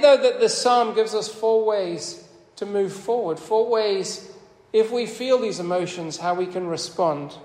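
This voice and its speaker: A man preaching a sermon, his voice sitting high and lifting further when he quotes scripture. He talks in an earnest, conversational way. The recording is roomy, with a long reverb from the church hall.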